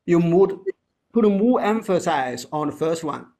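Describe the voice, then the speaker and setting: A man whose first language is Chinese teaches pronunciation in a relaxed one-on-one session. He speaks slowly with a slightly high, gravelly voice. He halts often and repeats words as he models each sound. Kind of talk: casual one-on-one lesson.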